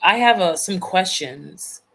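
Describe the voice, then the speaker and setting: A participant on a group call asking questions in a hesitant, halting way. They restart and rephrase as they talk, in a casual tone. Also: medium pitch, animated, vocal fry, fairly bright tone.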